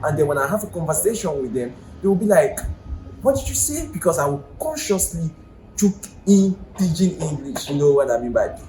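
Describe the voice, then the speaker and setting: A man's voice: a little high, expressive, brisk, warm tone, faint music behind. A man with a Nigerian accent, teaching a language lesson in a chatty, explanatory way and asking the viewer questions. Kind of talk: casual video lesson. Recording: echoey room with faint ambient noise.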